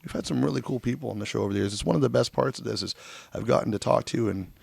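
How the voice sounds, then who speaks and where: Gravelly, crackly-voiced man podcast host. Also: medium pitch, rapid-fire, a little mellow, no echo. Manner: joking, teasing. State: strained, crackly voice. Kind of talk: casual chat.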